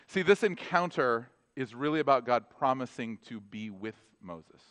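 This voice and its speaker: A man's voice: medium pitch, expressive, normal speed, fairly bright tone, no room sound. A man preaching a casual, conversational sermon as a pastor, full of asides and laughing at his own jokes.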